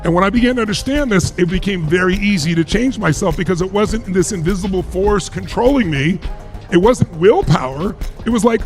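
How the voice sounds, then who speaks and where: A man's voice: sits high, fairly quick, faint music behind. A middle-aged man giving a motivational speech to a live audience, emphatic and full of rhetorical questions. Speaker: motivational speaker.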